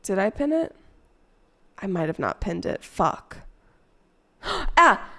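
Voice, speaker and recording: A woman's voice: medium pitch, very animated, measured pace, pauses often, a bit bright. Casting note: woman streamer, tipsy and stoned, loose rambling chat full of swearing. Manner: swearing, chatty, rambling with fillers. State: drunk and stoned. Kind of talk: casual chat with viewers.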